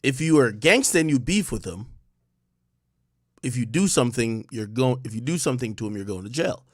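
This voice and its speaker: A man's voice: mid-range voice, lively intonation, a little fast, no room sound, studio quality. A man hosting a livestream, rambling through casual commentary and repeating himself. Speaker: livestream host.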